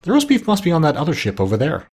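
A man's voice: a little high, wildly swooping pitch, rapid-fire, darkish tone, breathy edge, pitched above the performer's own voice, full character voice. Man doing a worried fussy duck. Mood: matter-of-fact. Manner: anxious and insistent.

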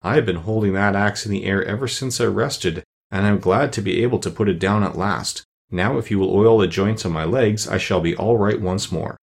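A man reading aloud and voicing a sad, polite man made of tin, speaking slowly and mournfully in a gravelly voice. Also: lowish voice.

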